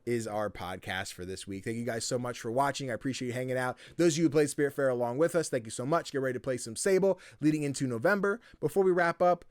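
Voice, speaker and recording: A man hosting a casual podcast, telling stories in an animated, laughing way, with a tired throat. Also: medium pitch, quick pace, few pauses, dry recording, studio quality. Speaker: podcast host.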